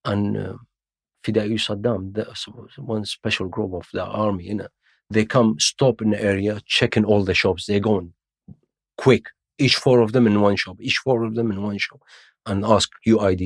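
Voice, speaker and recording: A middle-aged Iraqi man with a low, gravelly voice tells his story in broken English with London slang, often acting out the voices of other people. He speaks as a podcast guest on a dry, close studio mic. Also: steady tone, moderate pace, no echo. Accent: Iraqi Arabic, with London English slang. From Iraq. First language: Arabic. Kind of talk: casual storytelling interview.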